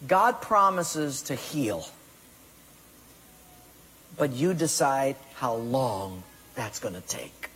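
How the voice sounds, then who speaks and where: A man's voice: mid-range voice, lively intonation, extremely slow, long pauses, a bit bright, husky. A man preaching a sermon emphatically, acting out people's excuses and God's commands in quoted voices. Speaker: pastor. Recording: long hall reverb.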